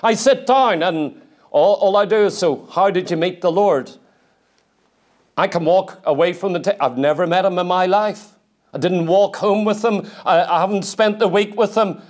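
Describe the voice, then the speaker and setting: A man preaching a sermon in a church, emphatic and questioning, at times dropping to a quiet, intense delivery. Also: high-pitched, normal speed. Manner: emphatic, asks the congregation direct questions.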